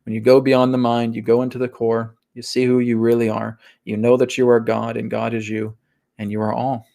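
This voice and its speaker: A man hosting a live spiritual talk and Q&A in a casual, animated way, often checking in with "right?" and acting out voices. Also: medium pitch, a little fast, vocal fry. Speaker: host and spiritual teacher.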